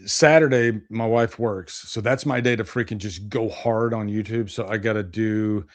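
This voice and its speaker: A man co-hosting a casual horror podcast, chatty and quick to laugh. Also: on the low side, steady tone. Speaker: podcast co-host. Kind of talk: casual chat.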